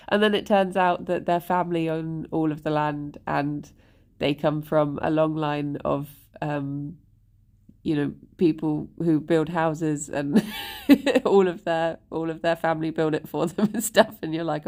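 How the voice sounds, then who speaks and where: A woman's voice: low voice, fairly even intonation, measured pace. A woman streaming live, chatting in a rambling way, greeting viewers and laughing often. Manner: talks softly to her rabbits, sometimes whispering. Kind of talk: casual live-stream chat.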